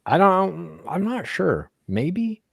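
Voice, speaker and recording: A blunt man co-hosting a podcast, chatting casually and reading out listener comments, swearing freely as he goes. His voice sits at a middle pitch and sounds dry and close, with no room around it. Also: big pitch swings, slow, vocal fry, no room sound. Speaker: podcast co-host.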